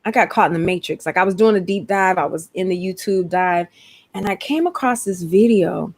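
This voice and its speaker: Chatty woman host with a low voice. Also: fairly quick, a little mellow, slightly rough. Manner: rambling, chatty, talks straight to viewers. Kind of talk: casual livestream chat.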